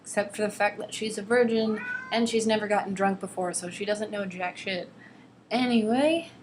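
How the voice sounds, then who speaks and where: A woman's voice: medium pitch, normal speed, a little mellow, slight background noise. Sarcastic young woman vlogger. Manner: exasperated, mocking, reads excerpts with exaggerated drama. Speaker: vlogger reading a novel aloud. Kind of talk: casual sarcastic book commentary.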